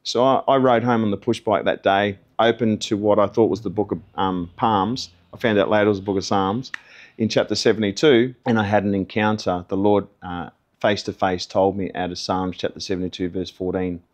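A middle-aged man speaking in a somewhat low voice. He tells his own testimony in an earnest, conversational way, like he's chatting across a table. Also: fairly even intonation, a little fast. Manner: earnest, conversational storytelling with acted quotes. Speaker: testimony guest. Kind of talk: personal testimony.

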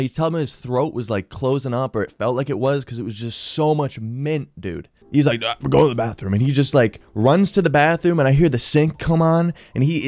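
A man's voice: mid-range voice, no room sound. A young man telling a funny story in a casual vlog, full of "dude" and "bro". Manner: slangy, lots of "dude" and "bro", animated retelling.

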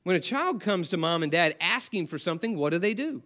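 A man with a notably high voice delivers a church sermon in a loose, conversational way. He keeps throwing questions to the congregation and answering them himself. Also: very animated, brisk, a bit bright. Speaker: pastor.

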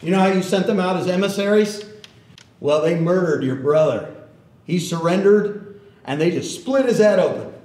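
A man's voice: high-pitched, animated, moderate pace, a little mellow, voice pushed up. A man doing an urgent, accusing messenger. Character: agitated male messenger, accusing. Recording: roomy hall echo.

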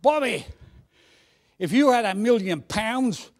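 A man voicing an eager young Cockney boy, in a put-on Cockney accent, pleading loudly. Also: high voice, expressive, slow pace, voice pushed up. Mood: wheedling.

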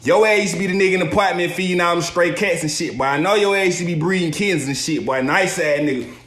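A man's voice: high-pitched, fast talker, a bit bright. Man roasting in an echoey room. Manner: crude teasing. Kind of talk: insult roast.

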